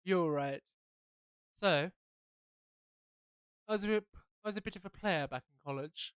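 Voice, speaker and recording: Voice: medium pitch, a little slow, a bit bright, smooth, no echo, natural voice. A streamer reading a young man's lines from a game, telling of his college past in a candid way. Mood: confiding. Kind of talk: reading game dialogue aloud.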